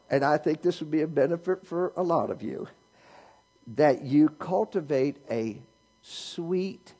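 Husky, lively preacher man. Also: high-pitched. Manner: animated preaching, rhetorical questions, teasing humor. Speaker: pastor. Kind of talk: sermon.

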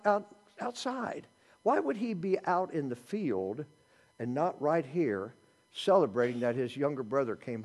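A middle-aged male pastor preaching a sermon, animated, with joking asides and swings between loud and hushed delivery. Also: sits high, slightly rough.

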